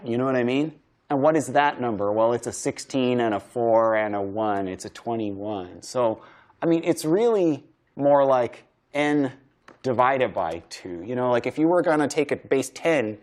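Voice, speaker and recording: A man lectures on programming while coding live, working things out aloud in a loose, chatty way. His voice sits at an ordinary middle pitch, and he trails into filler words and restarts as he goes. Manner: thinking aloud, casual with many fillers and restarts.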